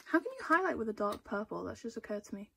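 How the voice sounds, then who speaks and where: A woman's voice: a little high, big pitch swings, fast talker, vocal fry, noisy background. A young woman chatting casually through an album unboxing, gushing, with small gasps between items.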